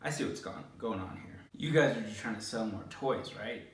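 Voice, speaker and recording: A man's voice: fairly low pitch, normal speed, natural voice. Man doing a scheming old politician. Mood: knowing. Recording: roomy, distant mic.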